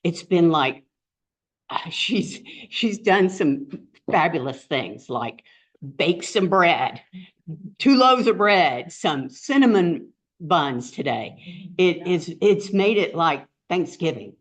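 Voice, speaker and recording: A woman's voice: fairly low pitch, lively intonation, slow pace. A woman hosting a group meeting, introducing the guest speaker in a rambling, heartfelt way with many fillers. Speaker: meeting host and co-founder. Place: meeting room with an audience. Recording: dull lo-fi recording.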